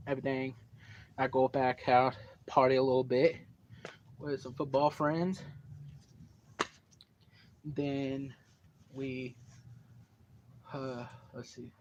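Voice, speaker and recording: A teenage boy telling a long, animated story to the camera at home, full of fillers and cursing. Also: mid-range voice, slow pace, long pauses. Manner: animated, profane, rambling with fillers. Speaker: vlogger. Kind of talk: casual storytelling. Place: at home, indoors. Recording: dull lo-fi home recording, faint background noise.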